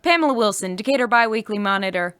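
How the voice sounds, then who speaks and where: A woman's voice: mid-range voice, expressive, fast talker, fairly bright tone, clear, resonant tone, dry recording, studio quality, lightly acted. A woman playing a brazen, love-struck reporter in a radio comedy sketch. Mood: flirty. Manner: brazen flirting.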